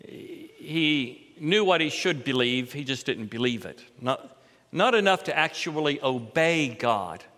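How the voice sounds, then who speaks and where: A middle-aged pastor preaches a sermon, working through a scripture passage in a slow, sing-song delivery. His tone is sharp, and he rises sharply in pitch and force to stress key points, with a big-room sound.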